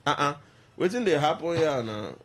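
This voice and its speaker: A man with a Nigerian Pidgin accent hosts a radio phone-in, with a voice a little higher than most men's. He is brisk, fires short questions at callers and hurries them along. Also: sing-song, a bit bright.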